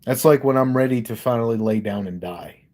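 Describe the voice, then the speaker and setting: A man's voice: medium pitch, fairly quick, mellow. A man from Delaware hosting a casual livestream, talking candidly and with lots of swearing about his music into a studio microphone. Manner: candid, profane, emphatic. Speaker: livestream host and rapper.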